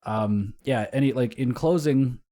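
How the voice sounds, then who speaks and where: A young man co-hosting a casual gaming podcast, talking in a relaxed, rambling way with frequent swearing. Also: medium pitch, unhurried. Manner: relaxed and rambling, swears often, laughs along. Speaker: podcast co-host.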